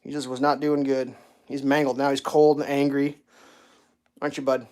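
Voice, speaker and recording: A man's voice: medium pitch, little pitch movement, normal speed, a little mellow. A man hosting a casual home livestream, telling rambling stories and talking to his cat. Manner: rambling storyteller, stammers on restarts; baby talk with his cat. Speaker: livestream host. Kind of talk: casual chat.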